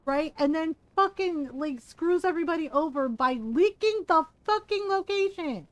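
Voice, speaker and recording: A woman's voice: very high voice, animated, normal speed, no echo. A woman streamer giving casual, profane, mock-outraged commentary while playing a video game.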